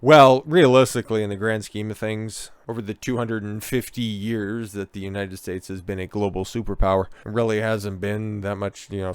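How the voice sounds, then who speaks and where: A man's voice: on the low side, clear, resonant tone, dry recording. A man hosting political commentary, ranting in a profane, sarcastic, mocking way.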